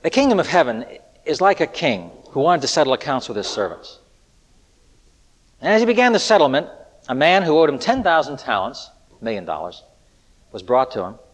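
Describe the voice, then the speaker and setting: A man preaching an earnest sermon, with rhetorical questions and shifts between loud appeals and hushed lines. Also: mid-range voice, sing-song, a little fast, pauses often. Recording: echoey hall with long reverb.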